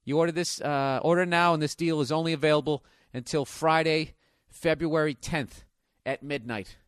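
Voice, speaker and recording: A man's voice: fairly high pitch, fairly even intonation, moderate pace, clean tone, dry recording, clean studio sound. Profane, ranting Boston man hosting a podcast. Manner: profane, ranting, sarcastic, with sudden loud exclaims. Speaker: podcast host. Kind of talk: casual comedic podcast monologue, live ad read.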